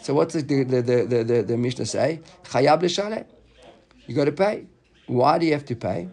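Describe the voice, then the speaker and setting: A man teaches a Talmud class in a relaxed, conversational way. His voice is gravelly and a little husky, and he restarts and repeats words as he works through the text. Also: mid-range voice, moderate pace. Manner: casual, repeats words while thinking aloud.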